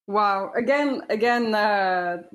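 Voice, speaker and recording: A woman interviewing a guest, speaking haltingly with repeated words and fillers. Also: mid-range voice.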